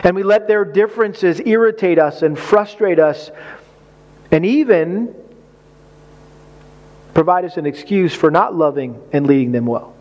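Middle-aged male pastor with a high voice; animated sermon delivery, acting out his own story. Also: a little slow, long pauses, highs cut off.

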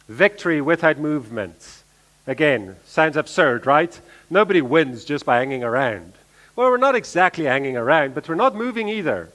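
A man preaching a sermon, repeating key phrases and swinging between emphatic lines and quiet asides. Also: on the high side.

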